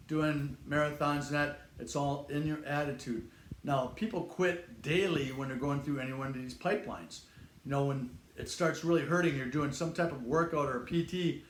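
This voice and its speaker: An older man hosting his fitness channel, talking casually and bluntly to the camera, acting out the voices of people he quotes. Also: fairly high pitch. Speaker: fitness channel host, retired instructor. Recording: echoey room with faint noise.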